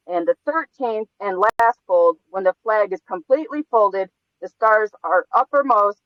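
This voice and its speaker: Male caller, high voice, earnest measured recitation, dry dull call audio. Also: no echo. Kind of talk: reciting a ceremonial text.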